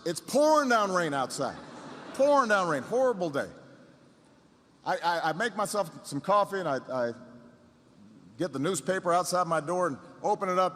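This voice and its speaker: A middle-aged man with a high, bright voice tells a story as a political speaker. He stumbles and repeats phrases, then swells into shouted rallying calls. His voice rings out with a long echo through a large hall. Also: slight background noise. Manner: halting repetitions, building to shouted rallying lines. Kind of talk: storytelling campaign speech.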